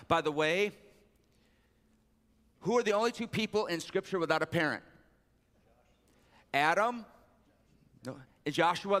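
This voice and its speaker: A man's voice: animated, moderate pace, pauses often, a bit bright. A man preaching a sermon as pastor, joking with the congregation between scripture readings. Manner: jokey asides, reads scripture with raised pitch. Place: large church sanctuary. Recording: long hall reverb.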